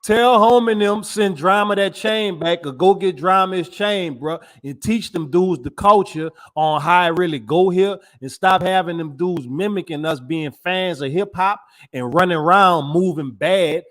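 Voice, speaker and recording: High-voiced argumentative podcast co-host. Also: male voice. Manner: argumentative, long winding points in slang. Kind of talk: casual chat.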